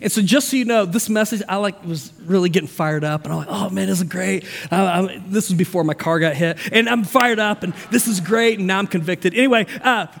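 A man preaching a sermon as pastor, energetic and conversational, with asides and frequent restarts. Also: high-pitched, a little fast, hardly any pauses. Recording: long hall reverb.

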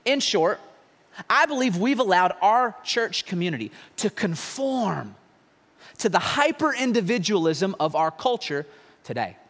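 A man preaching a sermon as pastor, conversational and animated, with mocking asides. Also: high-pitched, unhurried. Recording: long hall reverb.

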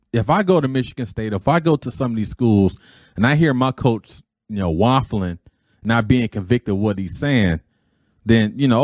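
This podcast host talks in a mid-range, darkish voice, recorded without any room sound. His casual opening monologue rambles, circling back to repeat himself and paraphrase what others have said.

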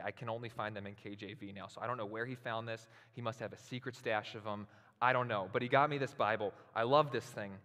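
A man preaching a sermon as pastor, moving from relaxed storytelling to loud, slow, emphatic passages. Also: medium pitch. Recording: long hall reverb.

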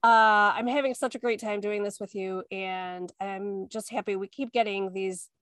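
A woman's voice: mid-range voice, fairly even intonation, normal speed, a bit bright, no room sound. A woman from central Illinois, co-hosting a podcast in a friendly, chatty way. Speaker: podcast co-host. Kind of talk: casual podcast conversation.

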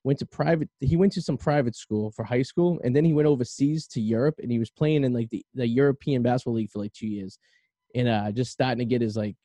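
Male host, quick crude banter, dark tone, close and dry. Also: mid-range voice, no room sound. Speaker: podcast host. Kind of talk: casual chat.

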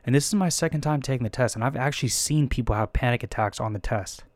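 A man's voice: mid-range voice, fast, no echo. A young man from the Bay Area telling a story in a casual, rambling way, swearing often, laughing at himself and acting out his own panicked thoughts. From San Francisco Bay Area.

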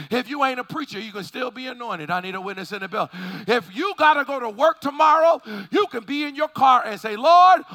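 High, bright-voiced fervent preacher man. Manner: fervent preaching with shouted peaks and call-and-response. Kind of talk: sermon.

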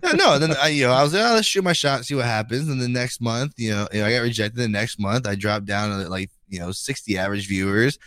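A man's voice: on the low side, expressive, fast, few pauses, fairly bright tone, no room sound. Laid-back man in casual podcast chat. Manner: laid-back, peppers talk with "you know" and "dude". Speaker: podcast co-host.

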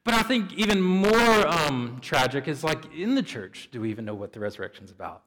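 A man's voice: on the high side, sing-song, a little fast, fairly bright tone, rough recording. A man preaching an Easter sermon as pastor in a church, casual and chatty with lots of fillers and restarts. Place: church sanctuary.

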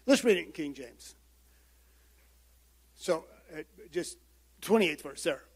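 A man preaching a sermon as pastor, swinging from loud emphatic calls down to quiet, low-spoken passages. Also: animated, takes it slowly, breathy edge. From United States.

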